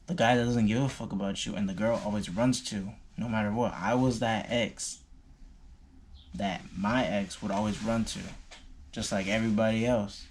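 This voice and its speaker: A man's voice: lowish voice, steady tone, moderate pace, slight background noise. A young man telling a personal story in a loose, slangy way, full of fillers and swearing. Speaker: vlogger. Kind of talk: casual storytime.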